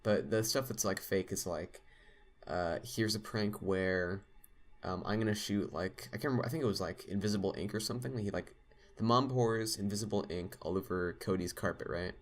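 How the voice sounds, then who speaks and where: Rambling low-voiced young man. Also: moderate pace. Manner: rambling, filler-heavy storytelling. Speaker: podcast co-host. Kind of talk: casual chat.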